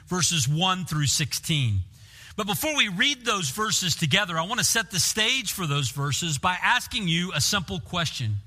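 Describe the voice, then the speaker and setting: Male pastor, high, very bright voice, earnest sermon, long reverb from a big church hall. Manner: earnest, asks the listeners questions.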